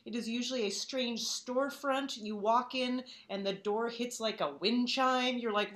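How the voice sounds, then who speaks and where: A woman hosting a live storytelling event, halting with many "um"s, then turning wry and comic. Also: a little high, fairly bright tone. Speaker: host.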